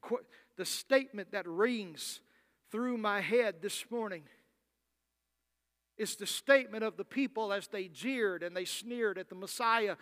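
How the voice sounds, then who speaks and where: High-voiced impassioned male preacher. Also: a little slow. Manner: impassioned preaching, voicing Bible figures, swings from loud to soft. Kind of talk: sermon.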